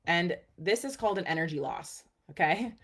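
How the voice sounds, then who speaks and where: Upbeat chatty woman with a low voice. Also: lively intonation, moderate pace. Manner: upbeat, chatty, says "okay" and "guys" a lot. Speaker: personal growth coach. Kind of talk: casual teaching to camera.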